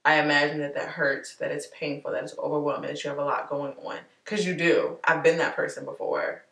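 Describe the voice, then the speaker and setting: A woman vlogger talking candidly and warmly to her viewers, chatty and heartfelt, calling them y'all. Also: sits low, little pitch movement, fairly quick, gravelly, roomy sound, recorded from a distance. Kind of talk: candid personal vlog talk.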